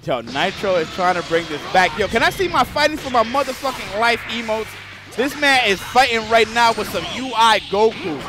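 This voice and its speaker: A man giving excited, casual fighting-game commentary on a stream, slangy, cursing and breaking into loud outbursts. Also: sits high, normal speed, over music.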